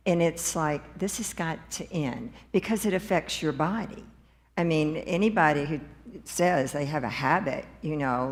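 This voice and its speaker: A woman in the congregation shares her own story, speaking slowly and earnestly. Her voice sits low for a woman. A long reverb from the church space hangs on her words. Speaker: congregation member sharing. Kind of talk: personal testimony. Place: church sanctuary.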